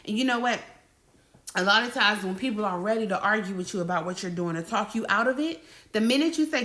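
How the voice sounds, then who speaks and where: A woman's voice: mid-range voice, fairly quick, fairly bright tone. Bold, preachy woman. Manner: bold, preachy, playful, acts out dialogues. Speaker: faith coach and speaker. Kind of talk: casual motivational talk.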